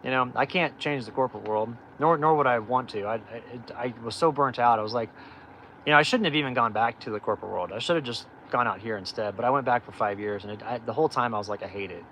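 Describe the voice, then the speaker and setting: A man's voice: medium pitch, quick pace, a bit bright, slight background noise, rough recording. A middle-aged man hosting a livestream, telling his life story in a candid, rambling way with lots of fillers and restarts. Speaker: off-grid channel host.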